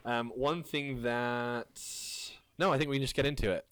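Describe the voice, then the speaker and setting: A man of medium pitch chatting easily on a podcast, relaxed and friendly in his delivery. He sounds at ease and often breaks into laughter. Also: normal speed, smooth, no room sound. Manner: laid-back, laughs often. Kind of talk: casual podcast chat.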